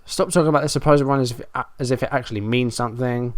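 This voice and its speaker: A man's voice: medium pitch, normal speed, a bit bright, no room sound, clean studio sound. Frustrated man narrating a match. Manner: running play-by-play, frustrated and self-mocking. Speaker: gaming YouTuber. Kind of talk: Let's Play commentary.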